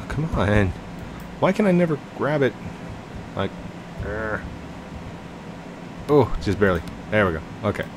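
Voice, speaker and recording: Slow, low-voiced man gaming host. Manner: chatty, jokey, giggles and talks to his teammate. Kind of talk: casual gameplay commentary. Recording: noisy background hum.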